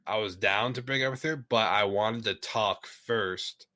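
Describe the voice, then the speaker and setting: A man's voice: lowish voice, measured pace, pushed and bright, no echo. A young man telling a story in casual podcast chat, rambling, laughing often and swearing a lot. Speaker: podcast guest.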